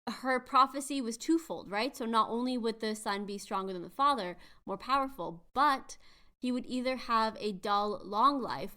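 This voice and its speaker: A woman's voice: mid-range voice, bright, forceful tone. A woman hosting a podcast, chatting animatedly as she retells myths with quiz-like asides. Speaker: podcast host. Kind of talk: casual chat retelling myths.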